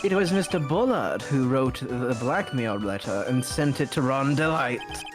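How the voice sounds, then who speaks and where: A stream reader voicing a pompous, theatrical gentleman detective, reading game dialogue in a grandiose, self-satisfied way. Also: mid-range voice, lively intonation, a little slow, lightly acted. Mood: self-assured. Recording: music playing behind the voice.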